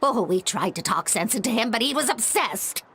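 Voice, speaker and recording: A woman's voice: fairly high pitch, animated, normal speed, a bit bright, slight background noise. An actress voicing a bitter older woman in a game, speaking coldly and resentfully about a son she has disowned. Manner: cold, clipped and resentful.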